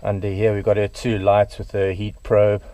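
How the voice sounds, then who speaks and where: A middle-aged man speaks in a fairly low, mellow voice, relaxed and casual as he explains how he handles a large snake. He sometimes drops to a soft murmur while talking to the animal. The tone stays easygoing and practical, like a keeper showing his work. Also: normal speed. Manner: relaxed, talks softly to the snake. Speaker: reptile keeper. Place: indoors at a snake enclosure.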